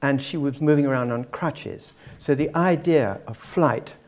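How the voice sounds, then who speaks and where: A man's voice: medium pitch, a little slow, a little mellow. A man giving a public lecture to a live audience, discursive and dropping wry asides.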